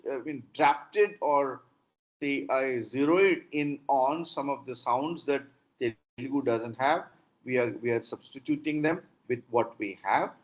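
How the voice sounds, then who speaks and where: A man with an Indian English accent, a professor teaching pronunciation in an online lecture, slowly modelling word after word. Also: on the high side, a bit bright. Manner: slow, deliberate modelling of sounds. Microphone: computer mic on a video call. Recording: dull lo-fi video call audio.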